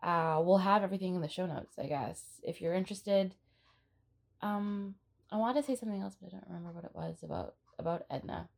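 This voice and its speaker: A woman's voice: on the low side, fairly quick, creaky. A woman hosting a casual podcast, bubbly and teasing, often breaking into laughter as she chats with her co-host.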